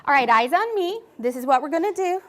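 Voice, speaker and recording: A woman first grade teacher, coaxing her class along and sounding out letters slowly and clearly, with short asides explaining her lessons. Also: high-pitched, animated. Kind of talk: classroom teaching and interview commentary. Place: elementary classroom.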